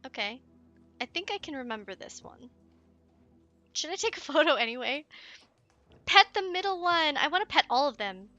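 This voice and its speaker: A woman playing through a video game with excitable, giggly commentary. She sits high in her range with a bright, sharp tone. She gasps and coos at the in-game pets and chats freely to her viewers. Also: normal speed, long pauses, lo-fi sound, soft background music. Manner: excitable and giggly, gasping and cooing. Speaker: let's play streamer. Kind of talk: let's play commentary.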